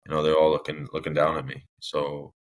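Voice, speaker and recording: A man's voice: extremely low pitch, completely flat delivery, a little fast. A young man telling his own story as a podcast guest, candid and rambling, with many restarts and fillers.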